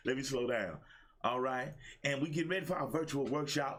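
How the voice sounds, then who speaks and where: Middle-aged guy hosting a motivational livestream, husky voice, mid pitch, gets fired up and preachy. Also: fairly quick. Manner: excitable, preacherly, repeats lines for emphasis; calls out viewers by name. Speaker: host of a daily motivational show. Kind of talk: live-streamed motivational talk.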